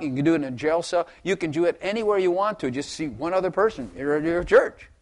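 An older man preaching a rambling, folksy sermon to his congregation, chuckling and repeating words as he goes. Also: on the high side. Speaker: pastor.

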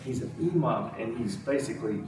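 A soft-spoken man joining a casual chat as a guest. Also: mid-range voice, animated, a little fast, reverberant. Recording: noisy background ambience.

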